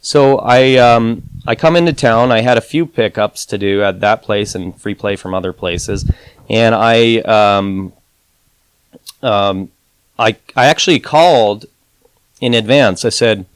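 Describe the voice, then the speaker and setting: An advantage gambler guesting on a podcast tells a story casually, peppered with "you know" and other fillers, acting out the quotes he retells in a raised voice. His voice is fairly low, clear, and resonant, a little slow, in a dry recording.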